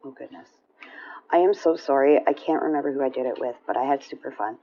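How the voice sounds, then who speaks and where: A woman with a low voice chats casually to her viewers about her coloring pages. She rambles with plenty of fillers and keeps clearing her throat. The home recording sounds dull and lo-fi. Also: fast talker. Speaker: coloring vlogger. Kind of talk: casual show-and-tell chat.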